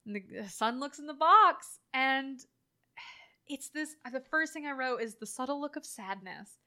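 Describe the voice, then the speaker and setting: A woman with a bright, fairly high voice co-hosts a relaxed conversation. She talks in an animated way with many filler words and acts out quoted lines as she goes. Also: unhurried. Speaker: podcast co-host. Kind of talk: casual chat reviewing a horror film.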